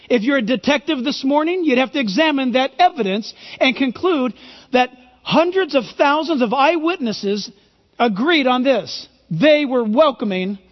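A male pastor preaching a sermon, emphatic and full of rhetorical questions. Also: extremely high pitch. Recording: reverberant hall, dull lo-fi sound.

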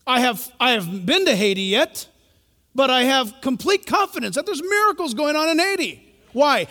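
A man preaching a sermon, telling a story and then breaking into loud, rising outbursts. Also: very high voice. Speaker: pastor. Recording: long hall reverb.

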